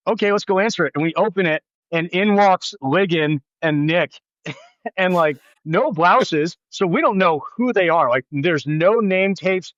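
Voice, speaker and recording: A man guest on a podcast, telling a story in casual, animated talk full of "like" and "dude". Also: high voice, a little slow, no room sound, highs cut off.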